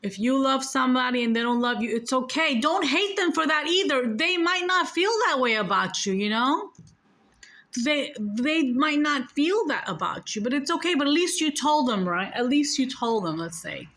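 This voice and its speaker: A woman with a New York accent and a bright, ringing voice that sits a little high for a woman. She talks straight to her viewers in a casual, emphatic way. She repeats her points, swears without holding back and keeps everything blunt. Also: lively intonation, moderate pace. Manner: emphatic, blunt, curses freely. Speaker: spiritual storyteller. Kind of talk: casual spiritual storytelling to viewers.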